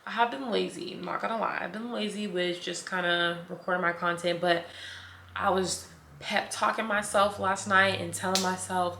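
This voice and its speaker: Chatty young woman, low voice, echoey room. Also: steady tone, moderate pace, vocal fry, pushed and bright. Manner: chatty, girlfriend-to-girlfriend talk, calls viewers girl and sis. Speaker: vlogger. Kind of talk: casual chat to camera. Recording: echoey room, faint noise.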